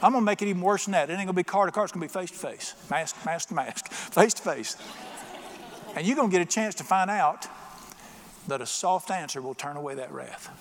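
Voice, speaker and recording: In a church sanctuary with long, echoing reverb, a middle-aged man gives a sermon as pastor. He speaks in a high voice at a slightly fast pace, telling folksy stories and acting out little voices in his jokes.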